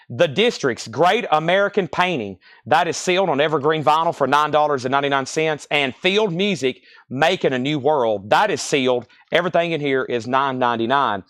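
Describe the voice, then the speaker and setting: A man running a live online record sale, calling out bids, buyers and prices in a rapid, repetitive patter. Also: on the high side, a bit bright, no room sound, clean studio sound. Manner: rapid-fire, repetitive calls of sales and prices. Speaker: live-stream record seller.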